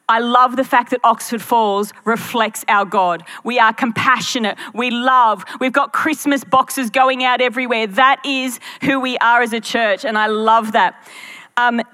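A woman's voice: on the high side, bright, forceful tone. A woman pastor preaching a sermon to her church, earnest and full of rhetorical questions to the congregation.

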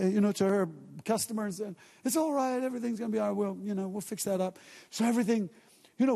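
A man's voice: high-pitched, a little mellow, in a large hall. A male pastor preaching a conversational sermon, acting out everyday scenes and quotes as he goes.

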